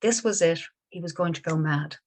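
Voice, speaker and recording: A woman, a Buddhist teacher telling a story in a dharma talk, gentle and unhurried with small restarts. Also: deep voice.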